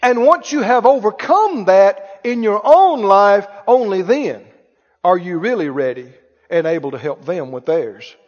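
A man's voice: high voice, sing-song, unhurried, darkish tone. Man, pastor, emphatic sermon, repeats his points, quizzes the congregation, church hall reverb. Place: church sanctuary before a live congregation. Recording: echoey hall, dull lo-fi sound.

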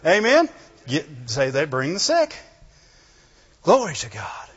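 A man preaching a sermon, animated and full of rhetorical questions, breaking into "Glory to God" again and again. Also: a little high, takes it slowly, husky. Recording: dull lo-fi sound in a reverberant hall.

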